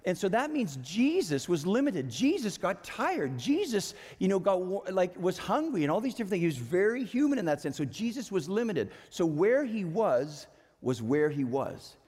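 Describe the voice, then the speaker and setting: A male pastor preaching a sermon in a church, conversational and animated, with playful asides. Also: high-pitched, a little fast, hardly any pauses, slightly rough. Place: church sanctuary. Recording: long hall reverb.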